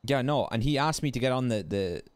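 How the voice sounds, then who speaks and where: A man with an Irish accent, a streamer playing a crew leader in game role-play, calm and reasoning. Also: mid-range voice, a little fast, clear, resonant tone, no room sound. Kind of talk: GTA role-play voice chat.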